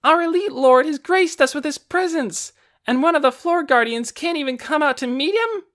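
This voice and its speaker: A man voicing a brash, loud young dark elf girl in an audiobook, shouting and scolding. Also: extremely high pitch, expressive, normal speed, voice pushed up. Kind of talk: audiobook character voice.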